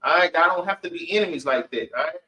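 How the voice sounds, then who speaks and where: A man teaching a Bible class offers emphatic spoken commentary on scripture in a fairly high, quick voice that's pushed and bright. He calls everyone "man" and urges the readings on, recorded far from the mic in an echoey room with slight background noise.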